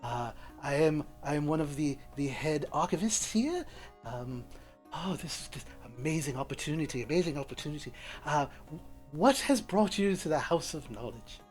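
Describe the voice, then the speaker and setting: A man voicing a fussy, excitable old archivist who stammers and turns shrill when alarmed. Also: moderate pace, faint music behind, close to an everyday voice. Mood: flustered. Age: older.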